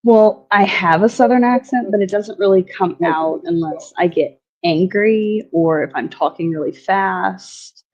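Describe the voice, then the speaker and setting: A woman's voice: mid-range voice, a little slow, few pauses, a little mellow, lo-fi sound. A woman from Alabama, a guest on a podcast, chatting casually and asking short, direct questions. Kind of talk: casual chat.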